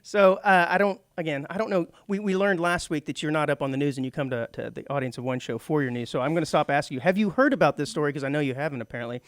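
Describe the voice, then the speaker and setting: A man's voice: a little high, fast, hardly any pauses, no echo. A middle-aged man co-hosting a radio show, chatting casually and laughing often. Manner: chatty, laughs often, slips into mock British voices. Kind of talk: casual talk radio banter. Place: radio studio.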